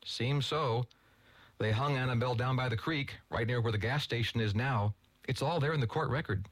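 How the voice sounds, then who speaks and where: A man voicing a hesitant, halting teenage boy in a read-aloud story. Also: medium pitch, pitched above the performer's own voice, lightly acted.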